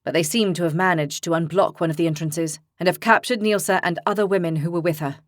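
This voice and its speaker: A calm young male leader, slightly lowered in pitch, who explains the situation in a steady, measured way, as a woman narrator puts him on. The sound is dry and close. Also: no echo, close to an everyday voice. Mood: explaining.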